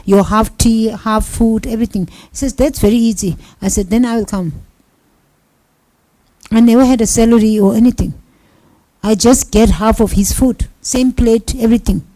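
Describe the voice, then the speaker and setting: A woman teaching Buddhism through personal stories, her voice fairly high yet mellow and warm. She speaks in simple non-native English and plays out each quoted exchange as she tells it. The sound is close and dry. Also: normal speed, no room sound, low-quality recording. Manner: storytelling with acted-out quoted dialogue. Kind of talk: dharma talk with personal stories.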